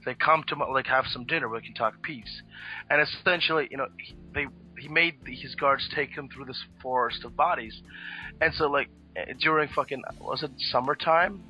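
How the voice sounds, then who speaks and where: Man, podcast co-host, rambling casual storytelling, fillers, muffled low-fi audio. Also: moderate pace, pushed and bright. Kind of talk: casual chat. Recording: dull lo-fi podcast audio with faint music.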